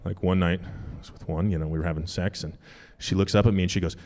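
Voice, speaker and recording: A young man performing a stand-up comedy set, animated, jumping into high-pitched punchlines. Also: fast. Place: comedy club stage. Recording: live club with long reverb.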